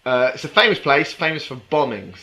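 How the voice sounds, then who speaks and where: Lively, jokey male podcast co-host. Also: medium pitch, fairly quick, background noise. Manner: jokey, rambling, laughs often. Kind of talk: casual chat.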